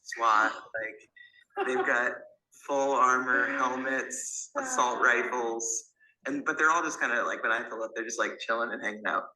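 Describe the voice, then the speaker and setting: A man telling a story in casual conversation, in a plain, relaxed way. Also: medium pitch, measured pace. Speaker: guest storyteller. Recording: roomy echo.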